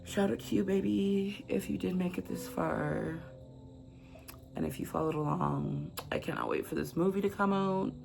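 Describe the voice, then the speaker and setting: A woman's voice: fairly low pitch, steady tone, moderate pace, gravelly, music in the background. A woman reading passages of a novel aloud to camera, stumbling over words now and then, and chatting about the book with effusive feeling. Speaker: book reviewer.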